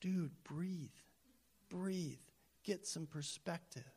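A man's voice: high voice, expressive, moderate pace, a little mellow, voice pushed up. Fields: Figure: a man doing an exasperated horse owner. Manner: incredulous. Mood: calming. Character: exasperated male racehorse owner, calm mentor.

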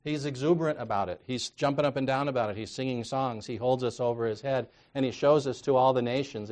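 A man preaching a sermon in a conversational way, reading scripture aloud and moving from quiet asides to loud, emphatic exhortation. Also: mid-range voice, expressive, quick pace, few pauses. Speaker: counselor.

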